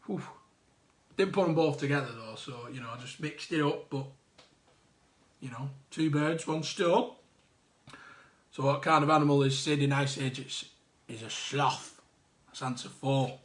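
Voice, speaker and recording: A man's voice: mid-range voice, unhurried, pauses often. A man hosting a live online quiz, reading out answers with jokey, chatty asides. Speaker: quiz host.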